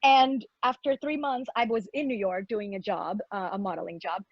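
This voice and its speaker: A young adult woman telling a personal story in an animated way, acting out the other people's lines and mixing in Spanish words. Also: mid-range voice, moderate pace, husky, no room sound, muffled recording. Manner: lively, acts out quoted voices, mixes in Spanish words.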